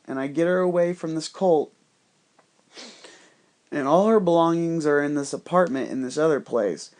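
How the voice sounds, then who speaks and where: A man with a slightly higher-than-usual voice rambles through a story, swearing constantly. He talks in a loose, conspiratorial way. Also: normal speed, darkish tone. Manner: rambling, heavily profane, conspiratorial. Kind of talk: casual storytelling monologue.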